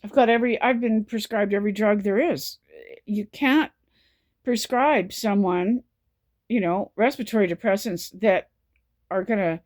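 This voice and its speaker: A woman talking to camera in a personal vlog, exhausted from no sleep, close to tears, with halting, repetitive speech. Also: medium pitch, darkish tone.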